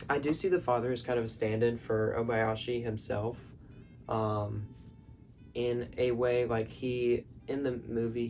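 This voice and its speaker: A man of average pitch rambles through a movie recap, stringing thoughts together with constant "like" and "um". He is in his bedroom late at night. Faint music plays behind him. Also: creaky, a little mellow. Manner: rambling, filler-heavy, lots of "like". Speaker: vlogger. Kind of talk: casual film recap.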